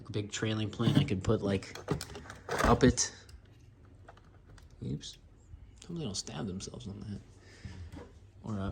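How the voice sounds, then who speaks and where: Rambling man on noisy home audio. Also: on the low side. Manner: rambling, joking, talks to his dogs. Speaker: vlogger. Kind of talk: casual home vlog. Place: home kitchen.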